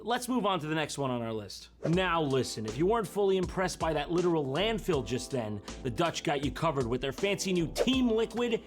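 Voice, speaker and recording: A woman's voice: low-pitched, big pitch swings, fairly quick, few pauses, soft background music. A woman narrating a comedic commentary video in a sarcastic, jokey manner.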